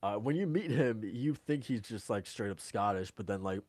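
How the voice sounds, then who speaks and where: A man with a fairly low voice rambles through a casual podcast chat. He fills his talk with hesitations, restarts and quick laughs. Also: lively intonation, darkish tone, no echo. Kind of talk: casual chat about video games.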